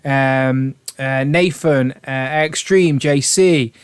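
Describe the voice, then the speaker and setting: A man's voice: mid-range voice, takes it slowly, clear, resonant tone. A British man hosting a casual live stream, rambling with enthusiasm and reading out viewers' names. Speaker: livestream host.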